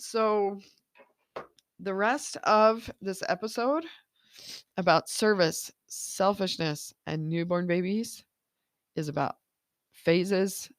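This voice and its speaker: A woman's voice: on the low side, creaky, dry recording, clean studio sound. A woman in her thirties, a life coach hosting a casual podcast monologue, encouraging and laughing often, with lots of "like" and "right?".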